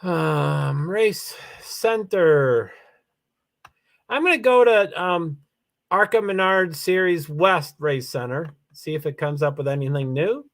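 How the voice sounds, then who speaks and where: Man, tired, high voice, rambling, casual livestream host. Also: expressive, slow, vocal fry, a bit bright. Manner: rambling, reads names aloud, many fillers. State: tired, yawning.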